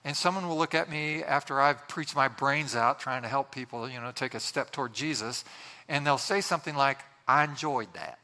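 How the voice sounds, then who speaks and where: Bright-voiced male pastor preaching. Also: mid-range voice, a little fast, long reverb tail. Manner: earnest, conversational, frequent restarts. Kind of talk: sermon.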